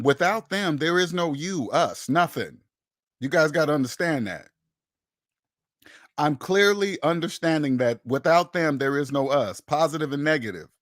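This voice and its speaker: In clean, dry studio sound, a man with a fairly high, slightly bright voice runs a personal finance channel. He preaches emphatically straight to camera, repeating phrases and playing out made-up conversations.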